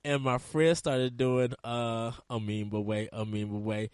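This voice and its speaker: A man's voice: mid-range voice, level tone, measured pace, a little mellow, smooth, dry recording. A man hosting a casual gaming podcast, rambling through side stories and laughing often. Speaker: podcast host.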